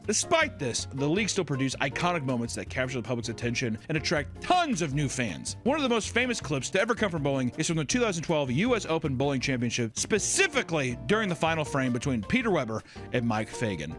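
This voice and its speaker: A man hosting casual commentary, animated and swearing, breaking into shouted impressions. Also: mid-range voice. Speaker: co-host.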